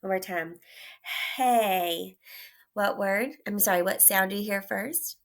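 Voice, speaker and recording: A woman teacher leading young children through a phonics lesson, speaking slowly and clearly with frequent praise. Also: medium pitch, steady tone, fairly bright tone.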